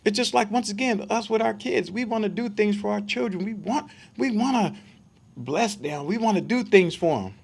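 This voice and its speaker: A man's voice: high voice, normal speed, gravelly, husky. A man giving a conversational Bible study sermon, emphatic and full of rhetorical questions for his listeners.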